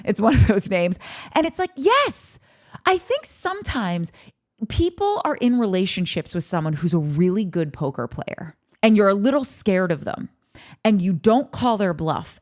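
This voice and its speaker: A woman's voice: fairly high pitch, very animated, measured pace. A woman hosting a podcast, chatting casually and animatedly, swearing freely and breaking into acted-out quotes. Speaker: podcast host. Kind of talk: casual commentary on a reality show.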